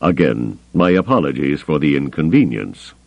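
Male narrator as cool alien admiral, measured and dry; low, expressive, slightly dull storybook audio. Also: gravelly, no room sound, heavily acted.

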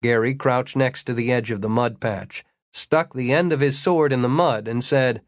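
Male audiobook narrator, mid-range voice, measured fantasy storytelling, dry booth sound. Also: medium pitch, no echo.

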